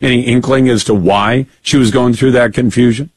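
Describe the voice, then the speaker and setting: A man's voice: mid-range voice, fairly even intonation, normal speed, husky, no echo. A man hosting a call-in radio talk show, chatting easily with a caller.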